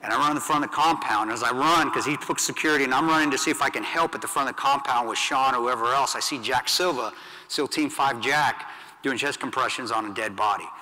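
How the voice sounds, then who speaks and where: A man's voice: medium pitch, quick pace. Intense veteran man speaking in a hall. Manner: blunt, intense, swings from loud to hushed. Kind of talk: storytelling speech to an audience. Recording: long hall reverb.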